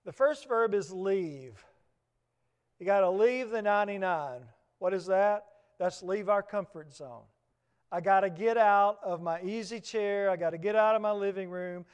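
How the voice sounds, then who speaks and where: A man preaching in a Southern US accent, his voice sitting notably high for a man. He drives his points home with repeated phrases and questions put to the congregation, in the steady rhythm of a sermon. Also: clean tone.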